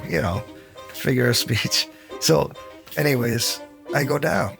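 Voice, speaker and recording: A gravelly-voiced man recounts his story for a documentary, lively and chuckling as he acts out what everyone said. Soft music plays underneath him. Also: mid-range voice, unhurried, long pauses. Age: 50s. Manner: animated, acts out quoted dialogue, chuckles between beats. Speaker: interviewee, former champion.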